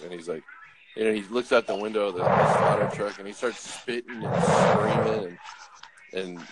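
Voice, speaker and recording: A man's voice: on the low side, a little fast, slight background noise. A man who drives trucks, telling jokey, rambling stories in a casual chat. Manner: rambling, jokey, lots of uh and restarts. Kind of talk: casual joking storytelling.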